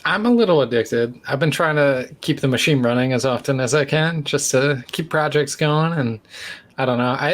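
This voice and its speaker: A man chatting as a podcast guest, laid-back and easygoing. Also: mid-range voice. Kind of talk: casual podcast chat.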